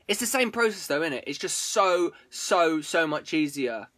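A man's voice: on the high side, animated, normal speed, a bit bright, dry recording. A man hosting a live stream, rambling casually to viewers, swearing freely and breaking off his own sentences. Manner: rambling, sweary, self-interrupting.

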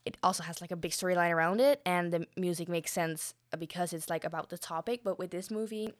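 A young woman talks through a film review on her own podcast in a loose, rambling way, full of fillers and quick apologies. Her voice sits on the low side. The recording is dry and close, with no room sound. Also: dry recording. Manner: chatty, rambling, many fillers and frequent apologies. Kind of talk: casual solo podcast review.

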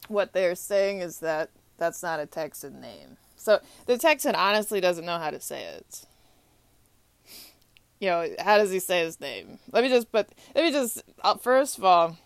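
A young adult woman talking casually in a rambling, repetitive monologue with frequent filler pauses. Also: lowish voice, clear, resonant tone, dry recording. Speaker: hockey fan.

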